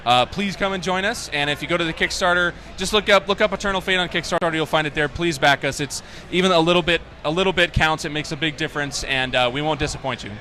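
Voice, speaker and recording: A man, a game developer, talks about his game and tells stories in a casual interview. He sounds enthusiastic and animated throughout. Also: on the high side, fast talker, hardly any pauses, a little hiss or hum.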